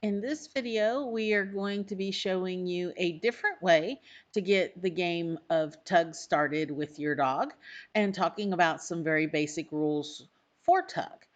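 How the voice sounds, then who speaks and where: A woman dog trainer in a casual, chatty way, explaining how to start a tug game with a dog in an instructional video, with high, excited praise for her dog during play. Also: a little slow, roomy sound, far from the mic, poor audio. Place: indoor training space with other dogs around.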